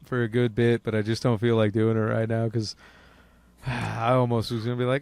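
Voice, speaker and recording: A man's voice: medium pitch, flat delivery, moderate pace, creaky, a little mellow, smooth, dry recording. A man co-hosting a casual comedy podcast, loose and profane, laughing often and slipping into joke voices. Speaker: podcast co-host.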